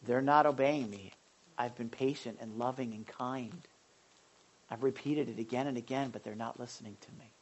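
A preacher voicing God as a calm, stern figure who speaks low and measured. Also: breathy edge, dull audio.

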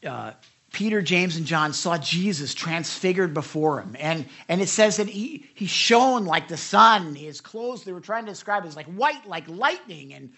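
A mid-range voice carries this animated sermon, where the preacher narrates scripture, repeatedly restarting sentences and turning to ask his listeners questions.

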